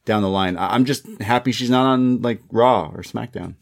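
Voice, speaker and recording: A man co-hosting a casual wrestling review podcast, animated and acting out quotes in mocking voices. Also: lowish voice, normal speed, vocal fry. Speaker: podcast co-host.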